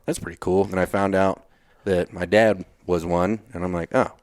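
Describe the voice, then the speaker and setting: On a dry recording, a retired Navy SEAL from Texas speaks in a low, darkish voice with a steady tone and moderate pace. As a podcast guest in a casual storytelling interview, he's blunt, swears casually and acts out lines from his past.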